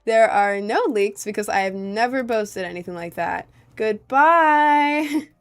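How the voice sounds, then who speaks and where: A woman's voice: medium pitch, moderate pace, darkish tone. A young woman streaming live, rambling casually and answering her chat.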